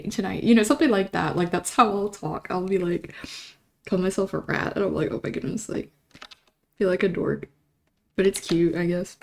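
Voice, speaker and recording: A woman's voice: medium pitch, a little mellow. Chatty young woman streamer. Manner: rambling, chatty, self-deprecating. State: slight sore throat. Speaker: livestream host. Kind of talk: casual chat.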